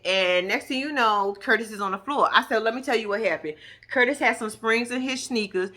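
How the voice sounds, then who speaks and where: A woman casually recapping events as a show host, animated and profane, mimicking the people she quotes. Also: medium pitch.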